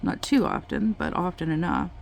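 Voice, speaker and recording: A woman vlogger chatting casually while she crafts, telling a story in a slow, halting way with many pauses. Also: on the low side, huge pitch swings, vocal fry, darkish tone, a little hiss or hum.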